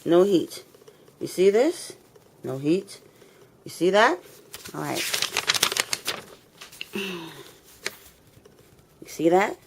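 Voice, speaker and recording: A woman's voice: on the low side, very animated, drawn-out words, pauses often, noisy background. A woman ranting to a phone camera in her apartment, angry, repetitive and swearing. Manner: fed up, repetitive, confrontational, swearing. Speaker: tenant filming a complaint video. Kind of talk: angry direct-to-camera rant. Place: apartment, indoors.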